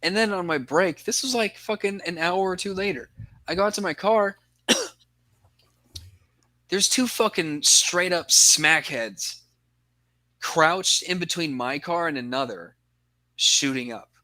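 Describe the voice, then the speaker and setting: Bright-voiced swearing storyteller man. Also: high-pitched, a little slow, pauses often, no echo. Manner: rambling storytelling, heavy swearing. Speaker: podcast co-host. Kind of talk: casual chat.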